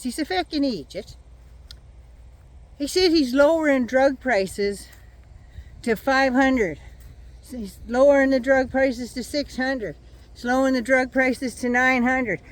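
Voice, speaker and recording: An older woman vlogging outdoors in her yard, talking to a phone or camera held at arm's length in a sarcastic, mocking casual rant. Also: high voice.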